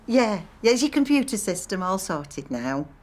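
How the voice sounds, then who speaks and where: A woman's voice: medium pitch, big pitch swings, moderate pace, natural voice. An actress playing a chatty, wry woman in her sixties, rambling to herself with dry humour while she waits on a phone call. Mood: wry musing. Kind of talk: film monologue acting.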